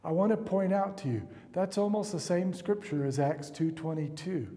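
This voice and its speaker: A man's voice: high voice, moderate pace, warm tone. A man preaching a sermon and leading a fervent closing prayer. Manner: earnest, builds to fervent prayer. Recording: long hall reverb.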